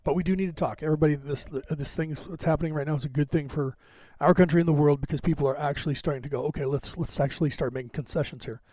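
A man's voice: on the high side, steady tone, rapid-fire, few pauses, mellow, dry recording. A man hosting a live podcast stream, chatting casually and rambling with many fillers and restarts. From United States. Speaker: podcast host. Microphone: camera on a box, live stream.

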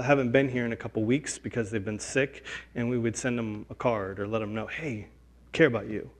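A man preaching a sermon, earnest, dropping low and soft and then rising loud in acted lines. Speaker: pastor.

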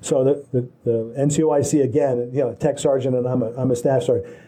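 A man's voice: mid-range voice, fairly even intonation, a little fast, warm tone, husky. A man telling long casual anecdotes in a rambling way, with many restarts. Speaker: storyteller. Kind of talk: casual chat.

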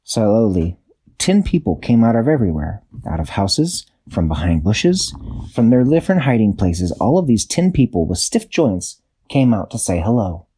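Husky, low-voiced man telling a story. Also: very animated, mellow. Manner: unhurried, searching for words, with small self-corrections. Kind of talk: improvised bedtime story narration.

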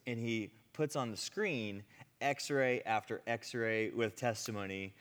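Guy preaching a testimony, animated, acts out the quotes, laughs a lot, long hall echo. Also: mid-range voice, slow. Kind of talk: testimony sermon storytelling.

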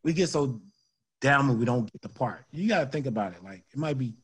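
Male guest comedian, husky voice, storytelling chat, stresses points by repeating them. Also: mid-range voice, lively intonation, brisk. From Brooklyn, New York. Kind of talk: casual talk-show chat.

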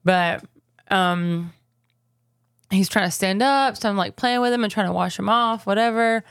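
A woman in her thirties, a podcast co-host, telling a story with lively acted-out quotes and frequent laughs. She is recovering from an illness. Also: mid-range voice, clean tone, no echo, clean studio sound. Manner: animated storytelling, quick to laugh. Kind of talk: casual chat.

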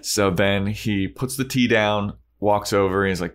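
A young man co-hosting a podcast, recapping scenes in a casual, animated way and acting out every character. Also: on the low side, measured pace. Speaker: podcast co-host.

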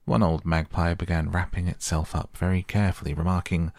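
Deep gravelly bedtime storyteller man. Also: flat delivery, no room sound, studio quality. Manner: slow, soft, sleepy. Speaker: narrator.

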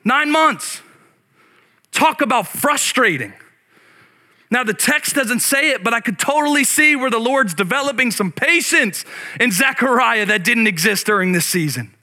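A man preaching a sermon to a congregation, conversational, often restarting his words and shifting between loud exclaiming and hushed reflection. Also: very high voice, animated, normal speed. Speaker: pastor.

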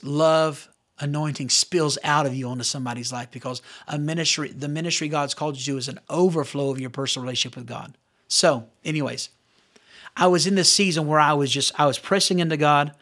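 A middle-aged man preaching in a fairly high voice. He talks to his listeners in an earnest, conversational way and keeps climbing into emphatic bursts. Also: pushed and bright. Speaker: pastor. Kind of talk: sermon.

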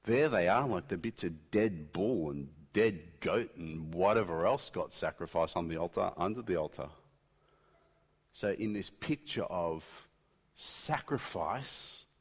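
A middle-aged man preaching a sermon, swinging between loud emphatic peaks and quiet intensity. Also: deep voice, breathy edge. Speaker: pastor. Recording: long hall reverb.

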